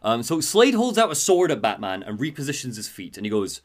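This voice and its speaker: A man's voice: medium pitch, sing-song, brisk. A man hosting a podcast, animatedly retelling a video game's story and laughing often. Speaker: host.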